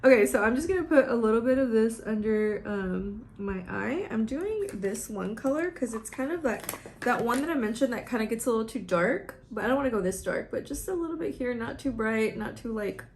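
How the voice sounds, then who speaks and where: Her fairly high voice is lively in intonation and a bit fast, with slight hiss or hum in the background. A young beauty vlogger doing her makeup at home, she rambles through a casual get-ready-with-me chat, tearing up and close to crying.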